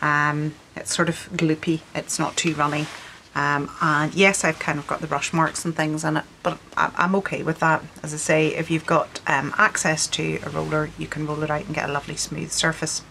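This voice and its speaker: Low-voiced Scottish woman teaching art. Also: little pitch movement, normal speed, gravelly, bright, forceful tone, slight background noise, low-quality recording. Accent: Scottish with a Northern Irish lilt. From Scotland. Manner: friendly, explanatory, with frequent ums. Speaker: artist leading a workshop. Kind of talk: instructional video workshop.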